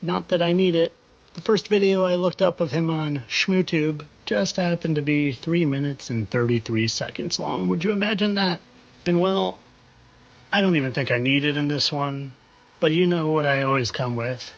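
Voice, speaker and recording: A man's voice: on the high side, normal speed, highs cut off. A man hosting a commentary video, speaking in a knowing, rhetorical way and repeating phrases for effect. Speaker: video host. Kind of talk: insinuating commentary monologue.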